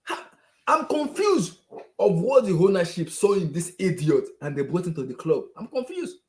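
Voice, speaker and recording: A man's voice: sits high, very animated, moderate pace, a little mellow. A man, ranting as a football fan to camera, exasperated and repeating the same phrases over and over. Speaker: football fan channel host. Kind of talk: angry fan rant to camera.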